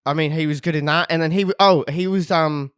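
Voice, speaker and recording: A man's voice: on the high side, fairly even intonation, fairly quick, a bit bright, smooth, dry recording, clean studio sound. A man co-hosting a casual podcast chat, hesitant, with many fillers and restarts. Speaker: podcast co-host.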